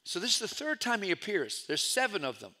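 A middle-aged man preaching a storytelling sermon as pastor, swinging from loud calls to hushed asides. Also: sits high, very animated, fairly quick.

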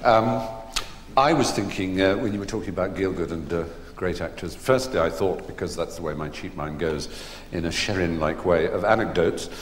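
A man's voice: deep voice, moderate pace. A middle-aged English man telling rambling anecdotes to a live audience, with many fillers and restarts. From England. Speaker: guest performer. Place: theatre stage. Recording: echoey hall, faint noise.

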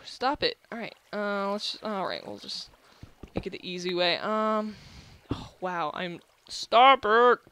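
A young adult gaming host giving excitable, gushing let's-play commentary, often restarting sentences. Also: mid-range voice, a little hiss or hum.

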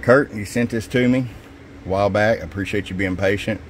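A man with a slightly hoarse voice, casually walking through a demo at his radio workbench, dropping in fillers and a tag of "okay?". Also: on the low side, fairly quick, a little hiss or hum. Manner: casual, folksy, drops in "okay?" and "uh". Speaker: CB radio shop technician. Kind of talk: casual product demo narration.

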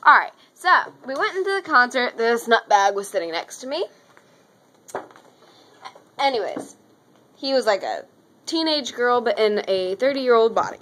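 A teenage girl telling an excited, rambling story in a casual vlog from her room. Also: a little high, normal speed, long pauses, poor audio. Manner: gushing, rambling, says anyways a lot. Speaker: vlogger.

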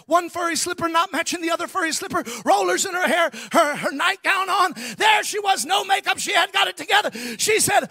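A man preaching a sermon as a guest preacher, telling stories emphatically with bursts of shouting and quick asides. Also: very high voice, no echo, studio quality.

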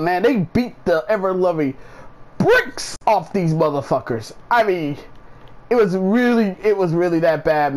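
Guy going off on a profane rant, slow talker, pitch jumping all over. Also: low-quality recording. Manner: profane, repetitive, incredulous ranting. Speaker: sports vlogger. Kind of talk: ranting casual commentary.

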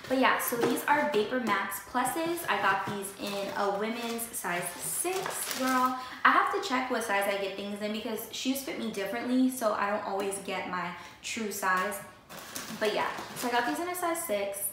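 A woman's voice: medium pitch, animated, moderate pace. A young woman vlogger chatting casually and with lots of energy, talking straight to her viewers about her new sneakers. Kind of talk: casual sneaker haul chat. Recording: echoey room with faint noise.

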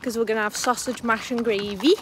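A woman's voice: on the high side, fairly even intonation, fairly quick, noisy background. A young woman, a new mum, chatting casually to her vlog camera at home, giggly and dropping the odd mild swear. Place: at home indoors.

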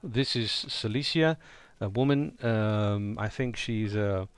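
A man's voice: on the low side, takes it slowly, smooth, no echo. A man giving a casual spoken tutorial on voicing roleplaying characters, thinking aloud and improvising as he goes. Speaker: roleplaying game player explaining character voices.

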